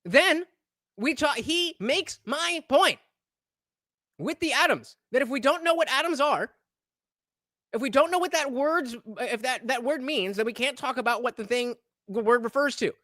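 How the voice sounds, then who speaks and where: A woman's voice: sits high, expressive, normal speed, a bit bright, dry recording, studio quality. A woman hosting a live stream, heatedly commenting on a debate clip in a profane, exasperated, argumentative way. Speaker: streamer host reviewing a debate.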